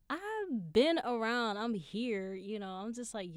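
A woman's voice: fairly high pitch, expressive, a little slow, hardly any pauses, no room sound, clean studio sound. A woman hosting her own podcast, telling personal stories in a candid, profane way, full of fillers. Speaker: podcast host. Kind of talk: casual solo podcast monologue.

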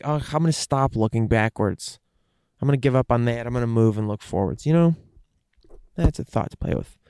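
In a casual, rambling monologue, a man thinks aloud candidly, swearing freely and circling back with fillers. His smooth, clear voice sits in an ordinary middle pitch range, recorded close and dry with no echo.

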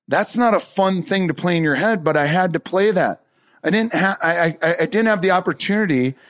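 A man giving an earnest, emphatic motivational talk on a podcast, telling a personal story. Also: on the high side. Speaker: podcast speaker.

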